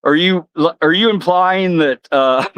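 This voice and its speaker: A man's voice: high-pitched, slow pace, fairly bright tone, clear, resonant tone, no echo. A man chatting casually on a live stream, rambling and often repeating and restarting his phrases.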